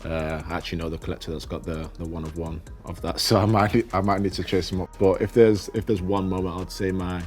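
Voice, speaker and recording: A young man with a low, flat voice answers questions in an easygoing, halting way, often repeating words as he finds them. Soft music plays underneath. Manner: relaxed, repeats words as he thinks, laughs easily. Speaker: professional footballer and card collector. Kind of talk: casual interview chat.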